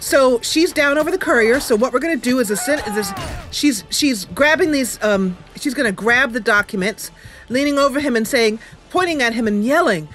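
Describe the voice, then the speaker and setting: A woman's voice: a little high, normal speed, soft background music. A woman host narrating a video game roleplay, mixing story narration with casual asides. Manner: lively narration with asides and laughter.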